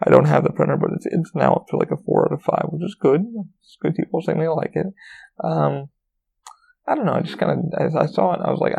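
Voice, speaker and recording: A man's voice: fairly high pitch, a little fast, gravelly, darkish tone, breathy edge. A man hosting a casual solo podcast, rambling and swearing freely with many fillers and restarts, recorded with a dull lo-fi sound. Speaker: podcast host.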